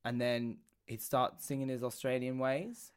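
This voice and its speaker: A man's voice: medium pitch, little pitch movement, measured pace, clean tone. Camp, giggly man. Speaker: podcast co-host. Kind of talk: casual chat.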